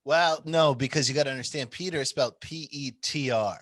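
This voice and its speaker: Podcast co-host, male, mid-pitched, dry studio sound, profane rambling storyteller. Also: a little fast, fairly bright tone, no room sound. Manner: profane, rambling storyteller who laughs often. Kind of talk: casual chat.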